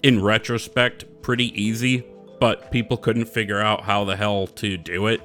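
A man hosts a loose gaming podcast in a bright, forward voice. He rambles and swears casually, chasing tangents mid-thought. Faint music plays underneath. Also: fairly low pitch, little pitch movement, normal speed. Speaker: podcast co-host.

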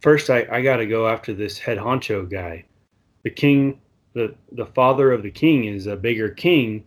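A man's voice: lowish voice, normal speed. A man in a casual religious discussion, chuckling often and acting out the characters' lines for effect. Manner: chuckling, conversational, mock-dramatic quotes. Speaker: podcast co-host discussing scripture.

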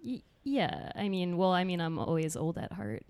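A woman in her twenties from the United States, a guest comedian chatting casually on a podcast, halting with many fillers and dry jokes. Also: fairly low pitch, sing-song, darkish tone, smooth. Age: 20s.

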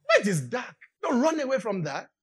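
A Nigerian woman with a Nigerian accent preaching a sermon, repeating her points and building up to shouts. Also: a little high, wildly swooping pitch, a little fast, breathy edge.

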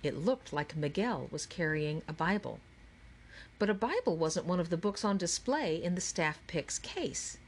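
Woman, audiobook narrator, lowish voice, clear steady delivery. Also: a little slow. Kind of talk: scripted narration.

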